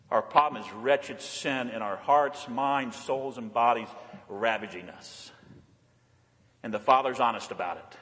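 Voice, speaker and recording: A man's voice: medium pitch, fairly bright tone, big-room sound. A man preaching a sermon as pastor, building emphasis through repeated phrases. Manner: preaching with repetition and rising emphasis. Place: church.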